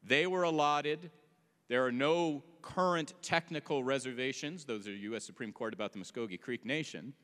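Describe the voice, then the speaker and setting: A man's voice: mid-range voice, normal speed, fairly bright tone. Man lecturing casually in an echoey hall. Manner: casual, joking asides. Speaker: presenter. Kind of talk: informal history lecture. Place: meeting hall.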